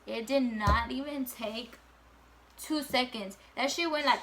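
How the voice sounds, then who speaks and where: A young woman with a bright, fairly high voice tells a casual storytime to her camera, peppering it with fillers and swearing. A faint hum of room ambience sits behind her. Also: unhurried. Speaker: vlogger.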